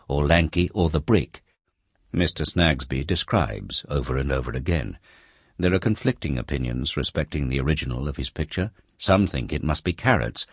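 A man narrating an unabridged classic novel as an audiobook, in a measured, descriptive reading. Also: very deep voice, dry recording, studio quality. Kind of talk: scripted narration.

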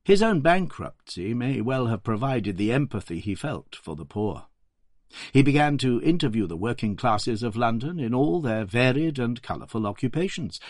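A male documentary narrator speaking in a measured, storytelling way. His pitch moves freely and expressively over a mid register. The voice-over is dry and close. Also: no echo.

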